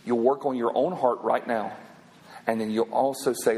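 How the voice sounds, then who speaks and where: A man in his thirties preaching a sermon, telling a story in an animated, conversational way and then praying. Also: mid-range voice, moderate pace, in a large hall, a little hiss or hum, poor audio. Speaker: pastor.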